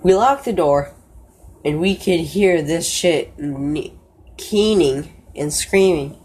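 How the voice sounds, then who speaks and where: A woman narrating a first-person horror story in a slow, low-key way, often stopping to correct herself. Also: expressive, a little mellow, slightly rough.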